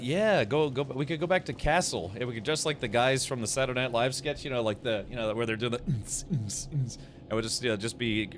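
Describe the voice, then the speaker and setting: A man's voice: medium pitch, a bit bright, a little hiss or hum. Casual rambling male game streamer. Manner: casual, rambling, reacts aloud while playing. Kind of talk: gaming livestream commentary, chatting with viewers. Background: game music.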